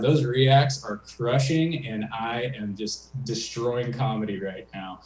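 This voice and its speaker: A man doing stand-up in a deadpan, mock-boastful way as he closes his set. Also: medium pitch, slow pace, few pauses, echoey room, distant mic, rough recording. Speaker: stand-up comic.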